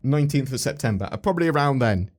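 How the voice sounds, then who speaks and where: A man's voice: mid-range voice, animated, fast talker. Guy chatting about game news, rambly, keeps asking his co-host stuff.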